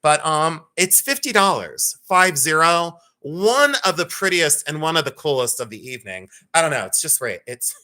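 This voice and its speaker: A man's voice: on the high side, very animated, normal speed, hardly any pauses, bright, forceful tone. A man in his fifties hosting a live jewelry sale, chatting and telling rambling stories to his viewers. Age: 50s. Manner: chatty, rambling storyteller addressing viewers by name. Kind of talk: casual live-stream chat and storytelling.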